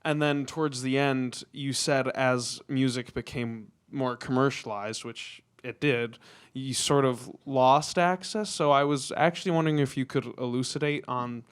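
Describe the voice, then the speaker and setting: A man's voice: mid-range voice, fairly even intonation, a little slow, smooth. A man from the audience asking a panelist a question, hesitant, with filler words.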